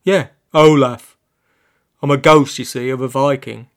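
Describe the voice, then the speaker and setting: A pair of evasive, blustering talking underpants claiming to be a Viking ghost, voiced by a man reading a comic storybook. He dodges questions, piles on the yeahs and sounds louder than the narrator. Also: medium pitch, steady tone, a little slow, close to an everyday voice. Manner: evasive, blustering, says yeah a lot.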